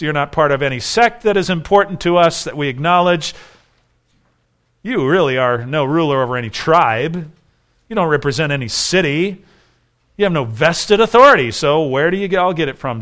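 A male pastor with a slightly raised pitch preaches at length, building stacked rhetorical questions toward emphatic declarations. His delivery swells and drops as he presses each point home. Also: fairly bright tone. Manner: voices the accusers with sharper, raised delivery. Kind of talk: sermon.

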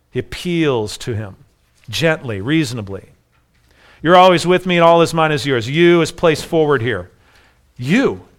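A man's voice: a little high, fairly bright tone. A man preaching an earnest expository sermon, acting out the voices in a parable as he explains it. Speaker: pastor.

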